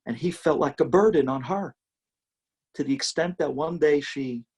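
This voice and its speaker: A rabbi telling a dramatic story in a sermon with a varied, expressive delivery. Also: male voice, on the high side, moderate pace, breathy edge.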